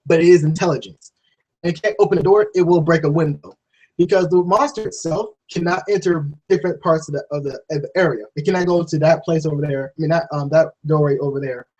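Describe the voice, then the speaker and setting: A man giving a casual, rambling spoken film review, swearing freely and restarting sentences, often jumping into a high, excited voice to act out scenes. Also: slightly rough, rough recording. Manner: jumps to high excited voice when acting out scenes.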